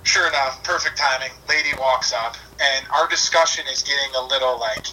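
Bright-voiced man telling a story from afar. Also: mid-range voice, a little fast, recorded from a distance, slight background noise, poor audio. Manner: animated, chatty, full of "like" and "I was like". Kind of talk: casual storytelling.

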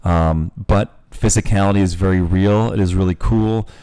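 A man's voice: low-pitched, steady tone, normal speed, warm tone, clean tone. A man in his forties hosting a podcast, talking candidly and joking, with some swearing. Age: 40s. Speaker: podcast host. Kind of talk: casual podcast chat.

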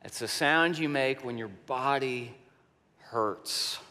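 Slow, deliberate preacher in a reverberant hall. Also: male voice, medium pitch. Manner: slow, deliberate preaching that drops soft for emphasis. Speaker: pastor. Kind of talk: sermon. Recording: long reverb of a large hall.

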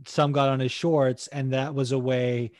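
A man's voice: mid-range voice, little pitch movement, measured pace, darkish tone, no room sound, studio quality. A man co-hosting a casual podcast, rambling about fights with frequent swearing and laughter. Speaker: podcast co-host. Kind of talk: casual MMA podcast chat.

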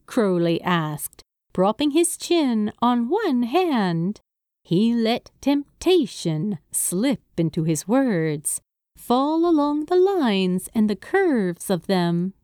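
A woman reading a story aloud at an unhurried pace, her pitch rising and falling freely. The sound is dry and close, with no room around it. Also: big pitch swings, dark tone, clear, resonant tone, dry recording. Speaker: narrator. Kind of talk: audiobook narration of fan fiction.

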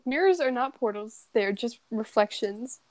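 A teenage girl co-hosting a casual chat podcast, giggly and quick to apologize. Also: a little high, expressive, no room sound. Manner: giggly, lots of laughing and apologizing. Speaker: podcast co-host.

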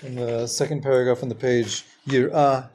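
A man teaching a Jewish text class, reading Hebrew passages quickly and then explaining them, often building to emphatic, stressed phrases. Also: medium pitch, little pitch movement, darkish tone, slight background noise. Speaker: Torah teacher.

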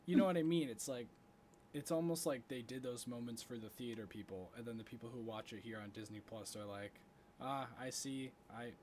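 Animated man on a casual podcast. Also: medium pitch, a little fast, slight background noise. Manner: animated, gets louder when worked up. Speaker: podcast co-host. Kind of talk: casual chat.

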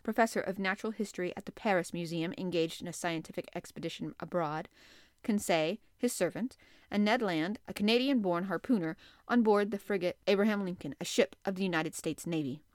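A woman voicing a calm, commanding middle-aged male sea captain who speaks in a measured, formal way. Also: on the low side, dry recording, studio quality, close to an everyday voice.

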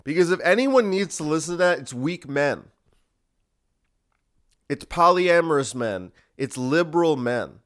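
A man's voice: fairly high pitch, very animated, measured pace, long pauses. A man hosting a solo podcast, ranting in a sarcastic, profane way. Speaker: podcast host.

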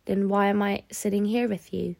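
A weakened but curious young male prisoner who keeps asking questions, as a woman reads him. The tone is gravelly and dry. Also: sits high, little pitch movement, moderate pace, no echo. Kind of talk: audiobook character voice.

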